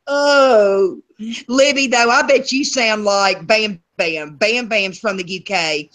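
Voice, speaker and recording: A middle-aged woman with a Southern US accent chats easily as a co-host. She laughs often and talks in a relaxed, homey way. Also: mid-range voice, slow pace. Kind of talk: casual chat.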